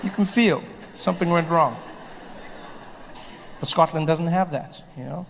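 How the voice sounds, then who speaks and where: Animated male stand-up comic, echoing hall. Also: a little high, unhurried, creaky, a little hiss or hum. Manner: animated storytelling, playful. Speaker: stand-up comedian. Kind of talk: stand-up comedy set. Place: live comedy venue.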